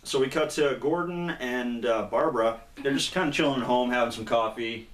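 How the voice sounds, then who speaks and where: A man's voice: mid-range voice, fairly quick, fairly bright tone. A man casually retelling a comic book's plot in a rambling way, with lots of fillers and acted-out quotes. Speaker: comic book reviewer, co-host. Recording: echoey room.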